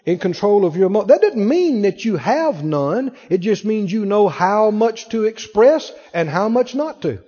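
A man's voice: sits high, very animated, moderate pace, few pauses, mellow, slightly rough, long reverb tail, dull audio. A man preaching a sermon, telling a personal story and acting out the voices in it.

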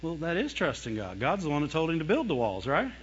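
A man preaching a sermon in a voice that sits a bit high for a man. He is animated and expressive, acting out whiny and fearful voices and breaking into laughs. The sound is dull and lo-fi. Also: quick pace, in a large hall, slight background noise.

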